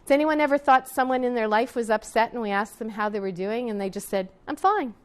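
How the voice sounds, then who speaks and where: Speaking quickly in a clear, resonant voice that's a little high and fairly even in intonation, a middle-aged teacher and etiquette counselor shares a tale from her years teaching. She talks casually to her students, frequently starting sentences over and adding side remarks for the class.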